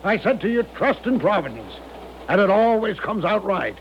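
An actor playing a smooth, blustering con-man major, coaxing and grandiose, in old-time radio acting. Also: high-pitched, sing-song, normal speed, lo-fi sound, a little hiss or hum.

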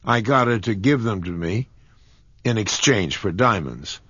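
Brief: man reading as a young heiress, high and husky, sheepish and dreamy, audiobook. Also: lively intonation, a little slow, fairly bright tone, no room sound, muffled recording, exaggerated voice. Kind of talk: audiobook character voice.

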